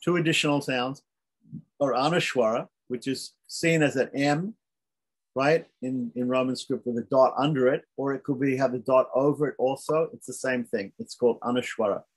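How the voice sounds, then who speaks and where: A man teaches beginners how to pronounce Sanskrit letters. His voice is husky and sits at a middle pitch, and he patiently says each sound several times over so learners can catch it. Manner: patient, repeats sounds slowly for demonstration. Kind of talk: beginner language lesson.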